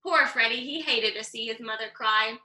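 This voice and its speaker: Lady reading a kids book out loud, expressive, higher bright voice, echoey room. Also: moderate pace. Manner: expressive, lively storytelling. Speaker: storybook reader. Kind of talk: reading a picture book aloud.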